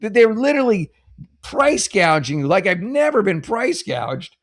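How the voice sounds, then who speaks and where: A man's voice: high voice, very animated, normal speed. A middle-aged man hosting a casual advice show. He reads listener questions and rambles through jokes and personal stories, with many restarts. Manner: rambling, jokey, many restarts and self-corrections.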